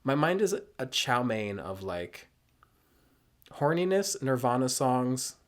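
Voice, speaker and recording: Man streamer, tipsy and a bit hoarse, rambling jokey game chat, voice jumping all over. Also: medium pitch, sing-song, takes it slowly. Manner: rambling, self-mocking, jokey. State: mildly tipsy. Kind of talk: casual gameplay commentary.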